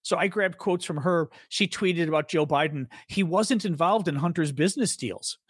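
A man co-hosting a podcast, talking in a sarcastic, animated way and mocking the voices of the people he quotes. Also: a little high, moderate pace, slightly rough, no echo, studio quality. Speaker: podcast co-host. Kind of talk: casual political chat.

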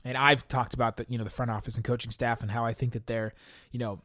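A man's voice: mid-range voice, level tone, fast, a bit bright, dry recording, studio quality. A young man hosting a podcast, chatting casually through listener questions, rambling with frequent laughs and restarts. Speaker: podcast host.

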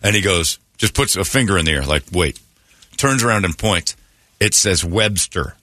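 Low-voiced, bright radio host. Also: male voice, moderate pace, no echo, clean studio sound. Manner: joking storyteller, animated retelling. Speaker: radio morning show host. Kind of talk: casual radio banter. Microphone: studio microphone.

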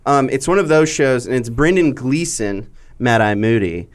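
A man co-hosting a movie podcast, chatting casually and telling animated stories. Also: mid-range voice, normal speed. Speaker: podcast co-host.

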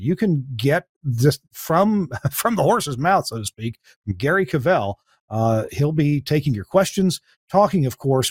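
Man, talk-show host, slightly high voice, halting delivery, dry sound. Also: no echo. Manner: halting, full of uh fillers and restarts, laughs often. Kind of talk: casual talk show hosting.

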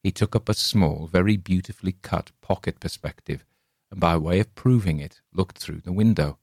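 A man reading a classic tale aloud as scripted narration, measured and expressive. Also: low voice, husky, no echo, studio quality. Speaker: audiobook reader.

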